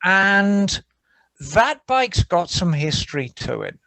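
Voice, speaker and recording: A man's voice: sits high, big pitch swings, slow, vocal fry, sharp tone, no room sound. A man co-hosting a podcast, telling stories in a playful, teasing way in casual chat. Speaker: podcast co-host.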